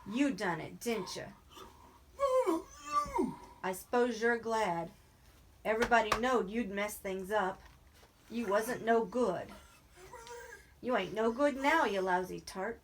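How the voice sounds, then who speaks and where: A woman's voice: medium pitch, a little slow, pauses often, noisy background, natural voice. A woman reading aloud as a grieving old male ranch hand, in a bitter, shaky, scolding voice.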